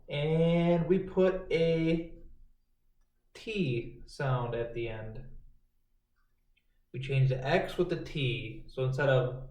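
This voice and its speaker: A man teaches a remote phonics lesson to kindergarteners, stretching out letter sounds in a slow, sing-song way. He talks at an unhurried pace. His voice is captured from a distance by a laptop mic, with noticeable room echo. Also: on the high side, darkish tone. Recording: roomy, distant home video.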